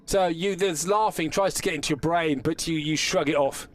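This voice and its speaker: A man's voice: a little high, moderate pace. A man narrating as game master in a tabletop game, rambling and correcting himself as he goes. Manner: rambling, self-correcting narration with frequent restarts.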